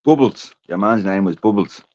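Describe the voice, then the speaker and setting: Deep-voiced man, rambling storyteller. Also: normal speed, darkish tone, no room sound. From Ireland. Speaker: podcast host. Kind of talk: casual chat. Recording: dull, dry sound.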